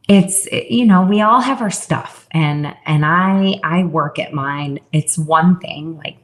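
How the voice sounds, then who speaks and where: A woman's voice: low voice, fairly bright tone. A woman in her thirties, a guest talking openly and reflectively in an interview, often quoting herself. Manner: open, reflective, quotes herself in raised voice. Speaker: guest, fitness founder. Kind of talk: candid interview conversation.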